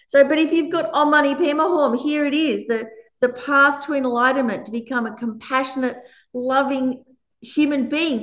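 A woman's voice: high-pitched, fairly bright tone, lo-fi sound. Roomy-sounding female meditation teacher. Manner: conversational, laughs often. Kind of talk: dharma talk.

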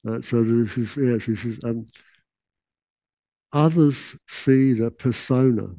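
A man giving a relaxed, casual teaching talk, with laughing asides and quotes that he acts out. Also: medium pitch, slow pace, no echo, low-quality recording.

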